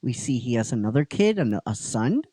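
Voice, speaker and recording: Halting, animated male storyteller. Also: medium pitch, husky, no room sound, low-quality recording. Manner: halting, with restarts, occasional swearing. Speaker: show host. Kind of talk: casual story retelling.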